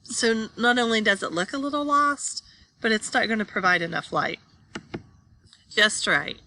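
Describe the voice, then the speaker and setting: A woman's voice: fairly high pitch, animated, a little fast, bright, forceful tone, slight background noise. A woman teaching a class, reading slide text aloud and then explaining it while pointing at pictures.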